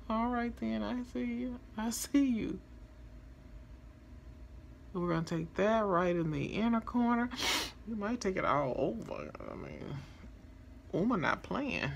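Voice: medium pitch, vocal fry, a little hiss or hum. A makeup vlogger chatting casually through a tutorial, playful and talkative, addressing viewers directly. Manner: chatty and playful, talks to viewers as y'all, chuckles.

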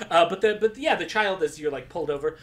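A man running a tabletop game as game master, narrating in a halting way with many restarts. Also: fairly high pitch, a bit bright. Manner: laughing, halting, stumbles over words.

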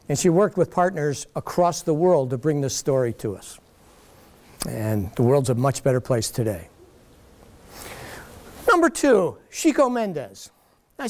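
A man giving a public lecture, telling stories in an animated way and mocking the critics he quotes. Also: a little high. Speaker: guest lecturer. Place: lecture hall.

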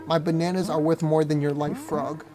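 Young male gamer in his twenties, crude and joking, excitable outbursts, game music under. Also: a little high, normal speed. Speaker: gaming YouTuber. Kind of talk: let's-play commentary.

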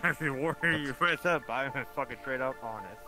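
A man's voice: medium pitch, a little fast, over music. A man in casual online voice chat, blunt and mumbly, speaking in broken grammar. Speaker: world builder in a social VR group.

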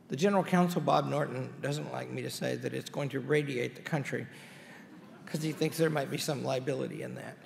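A college president gives an anniversary speech to an audience in a large hall, spinning folksy stories with wry asides. His voice sits fairly high and sounds creaky, with a slight hiss or hum. The hall's reverb and a faint ambience fill the recording.

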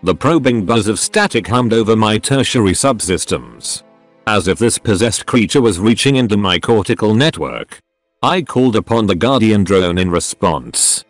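Brief: computer-voiced male narrator, low pitch, lively contour, steady storybook reading. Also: normal speed, dry recording, soft background music.

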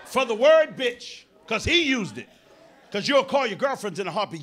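A middle-aged stand-up comedian with a New York accent performs live on a theater stage. His voice sits very high for a man, bright and cutting, and it leaps wildly in pitch as he goes from low asides to full shouts. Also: very animated, moderate pace. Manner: loud, brash, swinging from mutters to shouts.

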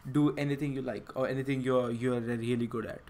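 Hosting a livestream, a man banters casually with friends over voice chat, chatty and quick to laugh at himself. His middling-pitched voice is a little mellow with fairly even intonation, and his headset mic sits very close to his mouth.

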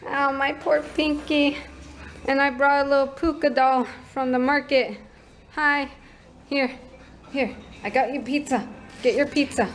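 A woman's voice: high-pitched, steady tone, soft background music, low-quality recording. A young woman chatting casually in a vlog at her market stall, giggling often. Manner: chatty and giggly, slow-paced. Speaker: vlogger.

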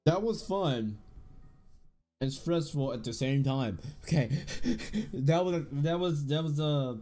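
A young male gaming YouTuber gives casual, excitable commentary over a horror game, chatting relaxedly with his viewers between loud outbursts. His voice is on the high side and his pace is slow.

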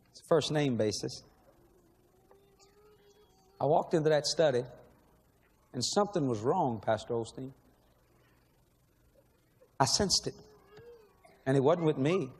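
A man's voice: medium pitch, darkish tone, husky. A man preaching a sermon in a large church, emotional and pleading, asking the same questions again and again. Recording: long echo of a large hall.

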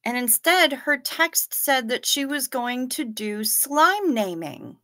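Slow-talking bright-voiced woman livestreamer. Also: sits high, animated. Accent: Midwestern American. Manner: gushing, playful, laid-back. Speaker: livestream host. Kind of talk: casual chat reading viewer comments.

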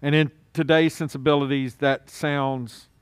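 A man preaching a sermon, moving from hushed and solemn to loud, urgent pleading. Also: fairly high pitch, little pitch movement, unhurried, smooth, dry recording. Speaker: pastor.

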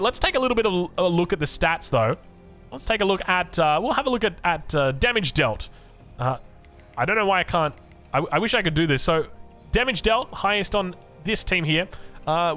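An Australian man with a high, bright, forceful voice casts a strategy game match. His commentary is chatty and rambling, full of asides, and he often starts his sentences over.

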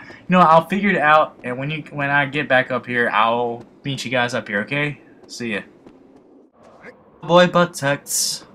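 A young man talks through a video game he is playing, rambling, emotional and quick to curse. His voice is bright and forceful at a middling pitch. A faint hiss sits under the recording. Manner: emotional, swearing, self-mocking rambling. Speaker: let's play gamer. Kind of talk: casual gameplay commentary.

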